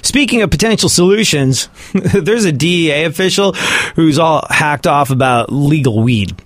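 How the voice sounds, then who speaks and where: A man's voice: on the high side, expressive, moderate pace, no echo. Sarcastic male comedic news commentator. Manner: sarcastic, laughs at his own points.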